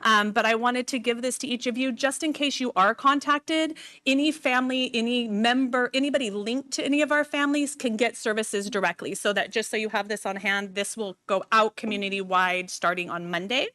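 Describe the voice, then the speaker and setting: A woman delivering announcements at a school board meeting, warm and slightly emotional, with frequent "um"s. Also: fairly high pitch, brisk, few pauses. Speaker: school district administrator.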